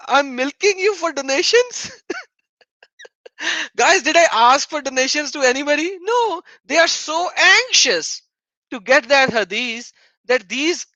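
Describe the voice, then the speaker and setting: Bright-voiced man mockingly taunting on a livestream. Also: very high-pitched, no room sound, poor audio. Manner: taunting, sarcastic, mocking laughter. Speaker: livestream host. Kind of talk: live-stream debate chat.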